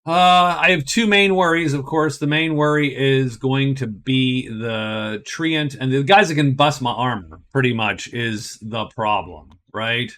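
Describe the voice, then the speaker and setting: A man's voice: medium pitch, unhurried, hardly any pauses, a bit bright. A man narrating a solo board game playthrough, thinking aloud and explaining each move step by step.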